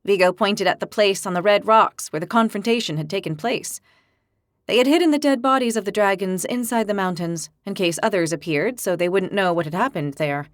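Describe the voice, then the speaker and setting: Woman narrator, fantasy audiobook, even clear storytelling, dead dry studio sound. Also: mid-range voice, fairly quick, no room sound.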